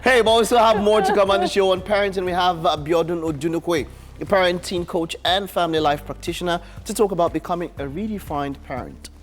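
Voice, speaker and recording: A man's voice: high voice, a little fast. Joking man co-hosting morning TV. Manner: jokey, laughing, animated teasing. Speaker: morning show co-host. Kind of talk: live breakfast TV banter.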